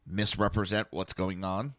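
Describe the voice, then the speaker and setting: A man's voice: sits low, flat delivery, normal speed, fairly bright tone, no echo, clean studio sound. A man hosting a podcast, delivering a blunt, profane political monologue full of rhetorical questions. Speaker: podcast host. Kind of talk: opinionated political commentary monologue.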